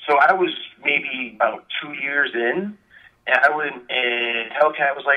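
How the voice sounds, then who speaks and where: A man's voice: medium pitch, steady tone, normal speed. Rambling man on a tinny phone line. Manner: rambling storyteller, many fillers. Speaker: guest, wrestler. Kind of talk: casual phone interview.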